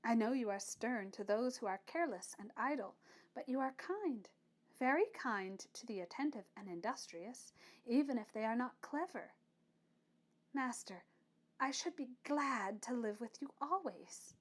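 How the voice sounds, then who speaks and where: A woman's voice: on the high side, expressive, a little slow. A woman voicing a shy, earnest young pupil. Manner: soft, hesitant, earnest. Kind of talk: audiobook reading of a classic novel.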